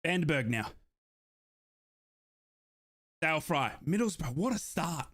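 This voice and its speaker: Shouting, high-voiced young fan commentator. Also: male voice, very animated, a little fast. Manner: shouting, euphoric, breathless bursts. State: out of breath. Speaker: fan watchalong streamer.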